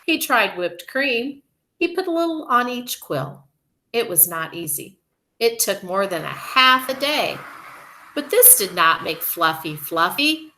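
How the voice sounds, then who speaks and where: A woman teacher reading a storybook aloud to children, slow, expressive and gentle. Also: on the high side, a little hiss or hum.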